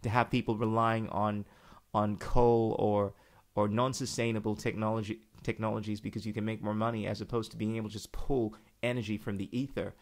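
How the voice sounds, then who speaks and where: A man's voice: fairly low pitch, little pitch movement, fairly quick. A man hosting a casual podcast interview, chatty and joking, laughing easily. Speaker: podcast host.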